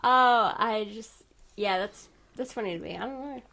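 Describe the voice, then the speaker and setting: A woman's voice: on the high side, normal speed, creaky, sharp tone. A woman co-hosting a casual film podcast, talking in hesitant restarts and acting out characters as she retells scenes. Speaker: podcast co-host. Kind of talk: casual film review chat.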